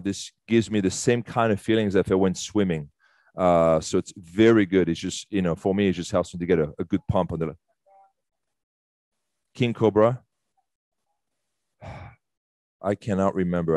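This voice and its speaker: A man's voice: low voice, darkish tone, no echo, clean studio sound. A man leading a fitness workshop, chatty and enthusiastic, with loose fillers and casual swearing. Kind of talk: casual live workshop instruction. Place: fitness studio.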